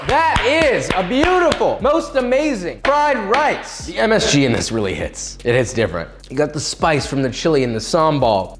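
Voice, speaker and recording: A young man hosting a casual cooking video, talking in a playful, jokey, animated way. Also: fairly high pitch. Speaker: cooking show host.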